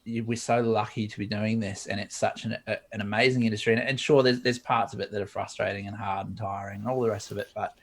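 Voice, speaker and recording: A man's voice: lowish voice, fast, few pauses. A man, a guest in an interview, telling a story and acting out the dialogue. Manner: lively storyteller who acts out dialogue. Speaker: guest, 3D modeler.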